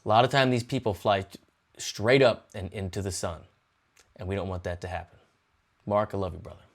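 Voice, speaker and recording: A man talking to camera on his music channel, earnest and emphatic, swinging from loud bursts to hushed lines. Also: lowish voice, fairly even intonation, a little fast. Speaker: music YouTuber. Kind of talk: impassioned talk to camera.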